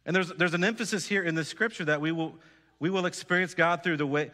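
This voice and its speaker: Guy preaching in a church, bright forceful voice, kinda high, earnest, lots of hall echo. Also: fairly even intonation, racing. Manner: earnest, exhorting, asks the congregation direct questions. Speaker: pastor. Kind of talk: sermon. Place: church sanctuary.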